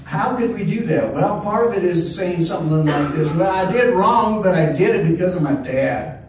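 A man preaching a folksy, rambling sermon, his slightly high voice carrying from a distance. The sound is very echoey, with faint noise behind. He restarts often and talks like he's chatting with the congregation. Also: animated, normal speed. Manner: conversational, repeats and restarts, folksy exclamations. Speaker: pastor.

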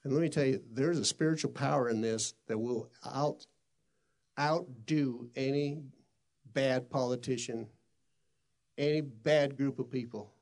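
Gravelly middle-aged man preaching. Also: mid-range voice, a little slow, darkish tone. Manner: earnest, conversational, with restarts. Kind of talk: sermon storytelling.

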